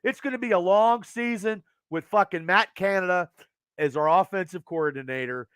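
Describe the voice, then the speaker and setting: Male host at home, high sharp voice, cursing fast in angry outbursts, dry close sound. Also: clear, resonant tone, no echo. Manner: profane, agitated, fast rants. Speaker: podcast host. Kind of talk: angry sports rant to live chat.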